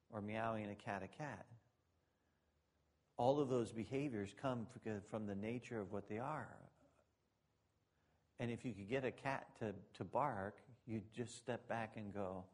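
A male pastor preaching a sermon, moving between loud emphatic preaching and quiet, joking asides to the congregation. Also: lowish voice, lively intonation, measured pace, pauses often.

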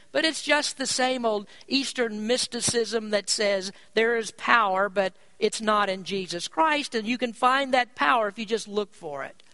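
A preacher giving a sermon, stressing key points by rising in pitch and volume and slowing down on important words. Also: sharp tone, no room sound. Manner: slows down to drive words home.

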